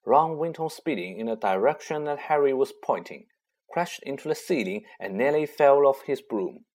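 A man narrating a children's story in an expressive, unhurried way. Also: mid-range voice. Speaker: audiobook narrator.

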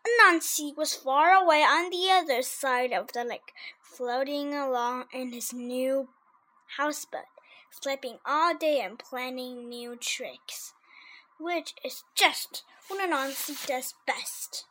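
Slow, high-voiced woman reading a story. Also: sharp tone. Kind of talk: reading a children's story aloud.

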